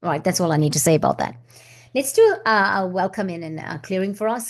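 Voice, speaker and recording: A chatty woman hosting a spiritual vlog, speaking at a middling pitch in a loose, meandering way with frequent asides and restarts. She drifts at times into flowing chanted syllables. Her voice sits in the everyday middle range for a woman. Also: lively intonation, brisk. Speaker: spiritual channel host. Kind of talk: casual spiritual vlog with chanted light language.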